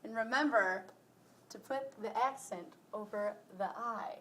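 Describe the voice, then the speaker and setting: A young woman slowly reciting Spanish verb conjugations for a school presentation. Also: a little high, a bit bright. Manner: slow careful recitation of verb forms. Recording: distant mic with faint hiss.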